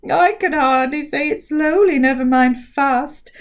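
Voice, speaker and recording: Eager boy adventurer, high and chuckly, slow delivery, read by a woman. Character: excitable boy adventurer, fumbling.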